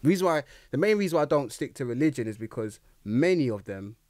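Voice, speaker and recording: In a casual interview, a young male guest tells his story in a lively way, acting out how he reacted. He talks fast in a mid-range voice. The close, dry recording has no room sound.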